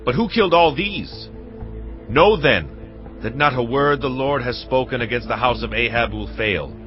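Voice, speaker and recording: A man's voice: medium pitch, normal speed, lightly acted. An actor playing a ruthless, zealous king who issues harsh orders, in a dramatized scripture reading. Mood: commanding. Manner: forceful, issuing orders. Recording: dull lo-fi with music beneath.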